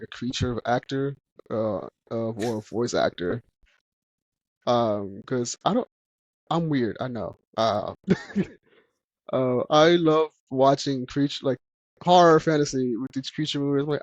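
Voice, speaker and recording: A man's voice: mid-range voice, a little mellow, dry recording, lo-fi sound. A man hosting a casual podcast chat who laughs often while telling stories. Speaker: podcast host.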